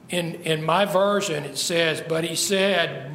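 A man's voice: on the high side, slow, hardly any pauses, fairly bright tone, roomy sound, in a large hall, slight background noise. A man preaching a sermon, asking the listeners rhetorical questions and stressing points emphatically.

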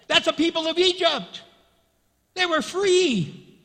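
A man preaching a sermon as pastor, animated and folksy, acting out the people he describes. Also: sits high, measured pace. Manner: animated, folksy preaching that acts out quoted voices. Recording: long reverb of a hall.

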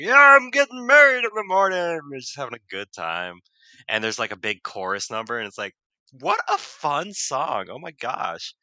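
A man who teaches vocal music talks through a story in a loose, rambling way, full of fillers and quick laughs. His voice sits a little low but sounds very bright and forward. The recording is dry and close, with no room sound. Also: no echo. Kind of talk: casual podcast chat.

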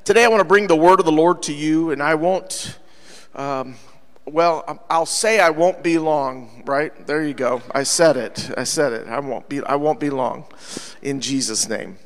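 A man pastor preaching a lively sermon to his congregation, joking with them as he goes. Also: fairly high pitch, a little slow. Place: church sanctuary. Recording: church hall reverb with faint music.

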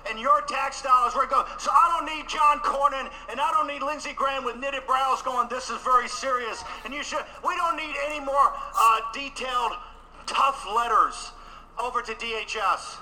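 A man giving a combative political rally speech at a conference, repeating phrases for emphasis and rising to shouts. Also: very high voice, normal speed, slight background noise, low-quality recording. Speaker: conference speaker.

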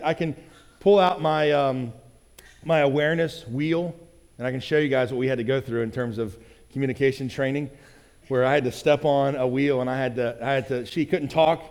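A man's voice: medium pitch, fairly even intonation, brisk, darkish tone, big-room sound. A male pastor giving a conversational sermon, often checking in with "right?" and acting out quoted lines in other voices.

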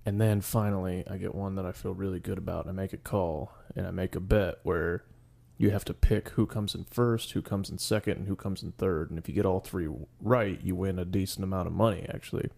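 A man's voice: deep voice, fairly even intonation, a little fast, gravelly, few pauses, a little mellow. A young man telling a rambling, profane story on a casual podcast as its co-host.

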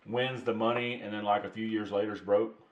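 A man's voice: on the low side, flat delivery, fairly quick. A man co-hosting a casual podcast chat, joking and rambling, swearing casually. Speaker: podcast co-host. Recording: dull lo-fi sound.

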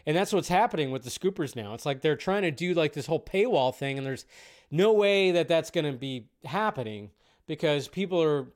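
A man's voice: a little high, expressive, fairly quick. A man hosting a casual live stream about film news, chatty and rambling, cursing now and then.

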